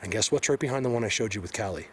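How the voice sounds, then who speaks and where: A man vlogging as he walks through a forest, rambling excitedly and sometimes dropping to a hushed voice. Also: fairly low pitch, racing. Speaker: bigfoot researcher vlogger. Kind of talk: casual walking vlog. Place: outdoors in a forest. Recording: outdoor ambient noise.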